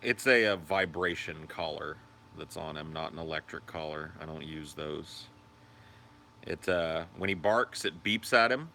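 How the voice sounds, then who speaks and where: Deep bright-toned man chatting on a stream. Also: measured pace, gravelly. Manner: rambling, profane, answers viewer comments; high sing-song baby talk to his dog. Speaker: livestream host. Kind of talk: casual livestream chat.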